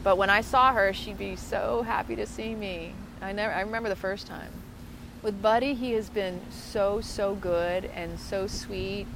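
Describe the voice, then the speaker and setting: A woman co-hosting a casual live-stream, chatting warmly and effusively to viewers and greeting them by name outdoors at a waterfront. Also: mid-range voice, steady tone, unhurried. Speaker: co-host of an online live show. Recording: outdoor recording with clear traffic noise. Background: outdoor ambience and passing vehicles.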